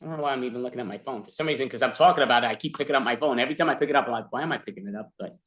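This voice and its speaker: A man chats loosely, rambling from one gripe to the next. He sounds exasperated, and his voice sits in a middle pitch. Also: racing, a bit bright. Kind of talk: casual chat.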